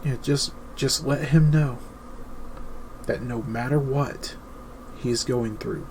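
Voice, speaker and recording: A man hosting his own show, giving earnest, emphatic advice in a deliberate monologue. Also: medium pitch, fairly even intonation, a little mellow, slight background noise, rough recording. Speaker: host.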